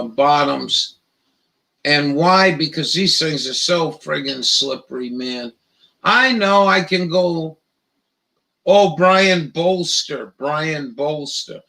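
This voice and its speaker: A man hosting a casual live stream, rambling in a profane, halting way with lots of restarts. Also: fairly high pitch, vocal fry, bright, forceful tone, poor audio.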